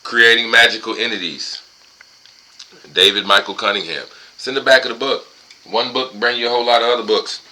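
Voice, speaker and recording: A man's voice: medium pitch, fairly even intonation, fairly quick, pushed and bright, slight background noise, rough recording. A buzzed man rambling and ranting profanely at home in a casual vlog monologue. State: tipsy and high. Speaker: vlogger.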